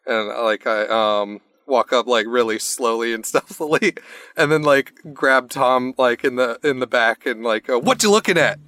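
A man's voice: medium pitch, steady tone, a little slow, sharp tone, clear, resonant tone. A man playing an agent in a tabletop game, talking hesitantly with lots of fillers and laughs. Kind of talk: in-character role-play.

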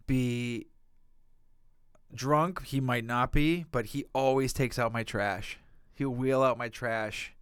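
A man's voice: mid-range voice, clear, resonant tone, no room sound, studio quality. A young man co-hosting a podcast, ranting and swearing through casual banter. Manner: profane, ranting, animated. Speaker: podcast co-host.

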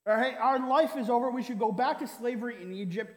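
A man's voice: very high-pitched, fast talker. A man voicing a whining, ungrateful ancient Israelite, complaining in an exaggerated mock-whiny way. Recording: roomy hall with long reverb.

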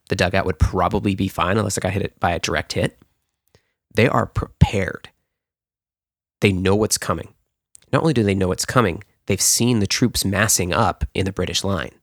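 A man's voice: low voice, fairly bright tone, dry recording, studio quality. A man hosting a podcast, telling a history story in a casual, explanatory way with frequent restarts. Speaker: podcast host.

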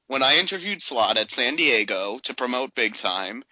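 An animated man on a podcast, his pitch leaping all over as he rants and mimics characters. The sound is dull and lo-fi, with a dry, close feel and no room around the voice. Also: no room sound. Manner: animated, fast, quotes characters in put-on voices. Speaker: podcast co-host. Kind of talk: casual comic book discussion.

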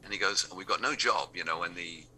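This English-accented radio DJ speaks low and brisk, with a sharp edge. His anecdotal storytelling comes alive as he performs the lines of the people involved in quoted voices.

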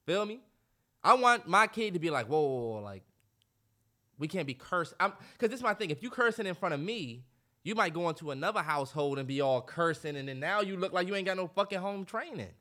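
A man's voice: high voice, lively intonation, brisk, sharp tone. A man in his twenties co-hosting a podcast, chatting casually and with lots of profanity, acting out the voices of people he quotes. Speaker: podcast co-host. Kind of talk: casual chat.

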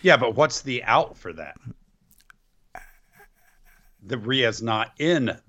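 Playful joking man with lively pitch. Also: slow pace, muffled recording. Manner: playful, joking banter with slang. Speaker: podcast co-host. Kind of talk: casual wrestling chat.

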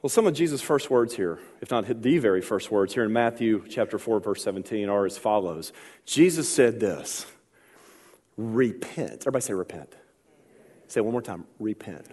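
A man preaching a sermon as pastor, calling for responses from the congregation and building to shouts. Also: lowish voice, lively intonation, brisk, breathy edge, in a large hall. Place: church.

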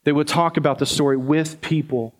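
A man's voice: on the high side, fairly even intonation, fairly quick. A man preaching a sermon as pastor, talking conversationally to the congregation and often repeating words.

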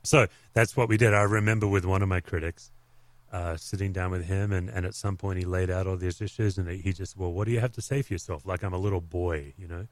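Low-voiced man telling stories, dry sound. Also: flat delivery, fairly quick, no room sound. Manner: candid, reflective storytelling. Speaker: pastor. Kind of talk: podcast conversation.

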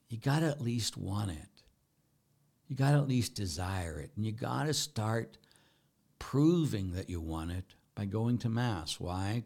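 Middle-aged male Catholic priest, lowish voice, emphatic preaching style with loud and soft swings. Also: creaky, breathy edge.

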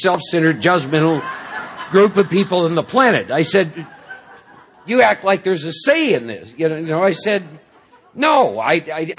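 A man's voice: lowish voice, breathy edge. A middle-aged man giving a talk at a recovery meeting, telling stories in a rambling, self-deprecating way with many fillers. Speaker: recovery speaker. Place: large meeting hall.

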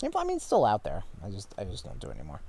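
A man's voice: fairly low pitch, wildly swooping pitch, rapid-fire, crowd noise. A man co-hosting a casual pop-culture chat, rambling, wry and freely profane. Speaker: podcast co-host.

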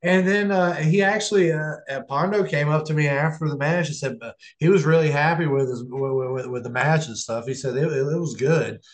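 A man's voice: fairly high pitch, fairly quick, hardly any pauses. A man, a professional wrestler, telling stories in a casual interview, rambling with many restarts. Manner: rambling, restarts, acts out quotes. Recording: echoey room.

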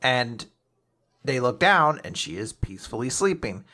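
Bright-voiced young man recapping a show. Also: medium pitch. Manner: animated retelling, acting out lines in quick voices. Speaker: podcast host recapping an anime. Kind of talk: casual chat.

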